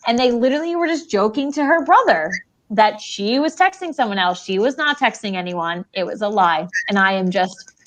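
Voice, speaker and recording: A woman's voice: mid-range voice, lively intonation, normal speed, a bit bright. A woman co-hosting a podcast, telling a story in casual chat with emphatic delivery. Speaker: podcast co-host.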